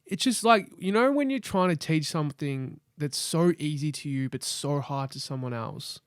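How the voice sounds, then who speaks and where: Higher-voiced Australian man, casual podcast chat. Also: lively intonation, normal speed, clear, resonant tone, no room sound, clean studio sound. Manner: laid-back, rambling, swears casually. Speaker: podcast co-host. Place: studio.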